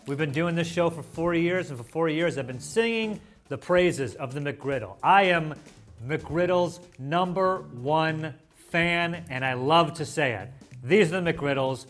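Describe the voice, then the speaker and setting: Excitable man hosting a food show. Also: fairly high pitch, moderate pace, soft background music. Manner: playful and excitable, mock-dramatic asides. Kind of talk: casual food review to camera.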